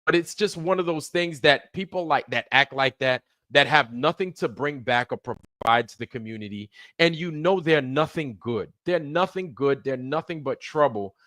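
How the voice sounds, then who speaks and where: A man's voice: mid-range voice, lively intonation, moderate pace, few pauses, bright, forceful tone, dry recording, clean studio sound. A man hosting a livestream, delivering heated, profane commentary, repeating himself for emphasis. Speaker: livestream host.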